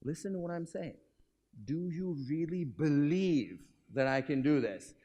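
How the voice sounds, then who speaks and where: A man acting out a showy male tightrope walker who loudly challenges a crowd with rousing questions. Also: high-pitched, lively intonation, normal speed, long reverb tail, pitched above the performer's own voice. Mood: insistent.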